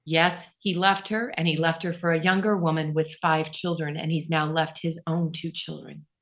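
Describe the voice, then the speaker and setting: A woman's voice: sits low, fairly even intonation, normal speed, a bit bright, pitched below the performer's own voice. Woman quoting her anxious mother. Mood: solemn. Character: worried, then apologetic middle-aged mother.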